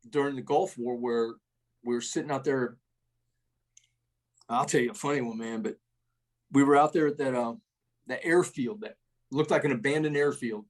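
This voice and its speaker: A middle-aged man, an army veteran, telling war stories in a rambling, salty way, full of restarts and tags like "man" and "right?". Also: medium pitch. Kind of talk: casual war storytelling.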